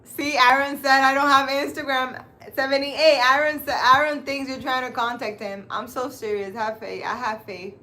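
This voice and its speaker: A woman's voice: high-pitched, fairly even intonation, moderate pace, few pauses, pushed and bright. A woman who hosts her own channel as a spiritual healer, chatting casually and animatedly to her live viewers and laughing often. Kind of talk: casual live-stream chat.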